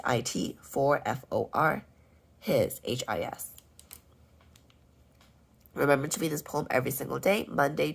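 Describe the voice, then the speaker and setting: A woman teaching first graders, going over their homework and spelling out sight words slowly and clearly. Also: extremely low pitch. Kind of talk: homework walkthrough lesson.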